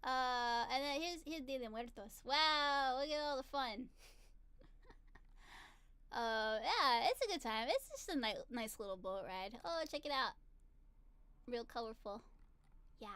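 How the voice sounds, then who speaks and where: Woman rambling and giggling thru a vlog, smooth clear voice, dry close sound. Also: a little high, very animated, measured pace, long pauses, pushed and bright, no room sound. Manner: chatty, giggly, lots of fillers. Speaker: vlogger. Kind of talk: casual chat.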